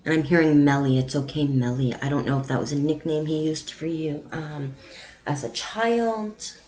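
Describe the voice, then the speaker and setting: A woman psychic medium giving a live-streamed reading in a soft, halting delivery with frequent pauses and ums. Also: sits low, fairly even intonation, poor audio.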